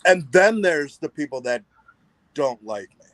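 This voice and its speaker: A man's voice: a little high, sing-song, a little slow, a bit bright, no room sound, poor audio. A man appearing as a guest in a casual chat, brash, self-assured and profane.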